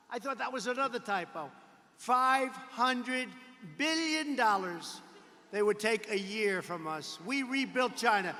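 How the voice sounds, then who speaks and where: A man's voice: high voice, sharp tone. A man giving a political rally speech in an emphatic, repetitive way, with sarcastic asides. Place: large rally arena. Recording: long reverb from a large arena.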